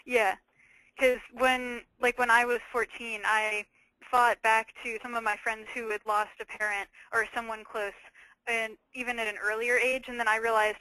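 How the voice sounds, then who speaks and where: Teen girl guest, bright and dry-sounding, chatty with lots of filler words. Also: fairly high pitch, level tone, normal speed, dry recording, poor audio. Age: teens. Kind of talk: webinar discussion.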